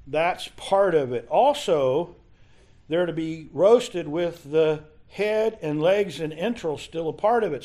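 Halting, fairly high-voiced Bible teacher man. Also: darkish tone. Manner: halting, conversational, with frequent restarts. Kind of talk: Bible study lesson.

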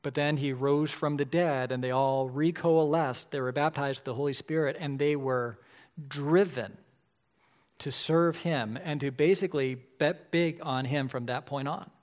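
A man's voice: fairly high pitch, steady tone, unhurried. A man, a pastor, preaching a sermon in a conversational way that grows emphatic at key points.

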